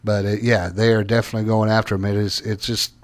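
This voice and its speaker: A man co-hosting a political talk show, emphatic and opinionated, with halting restarts. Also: on the low side, flat delivery.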